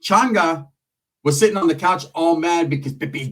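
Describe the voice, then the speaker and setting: A male comedian telling a crude comic story in a loud, rambling, slangy way. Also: a little high, normal speed, distant mic, crowd noise. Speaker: stand-up comedian.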